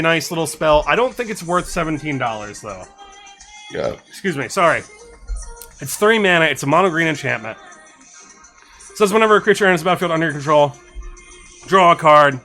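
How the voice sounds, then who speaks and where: During a relaxed live stream, a man reviews card suggestions, reading text out in fast, excited bursts and thanking his followers. He speaks into a desk microphone in a bright, slightly high voice while soft music plays faintly.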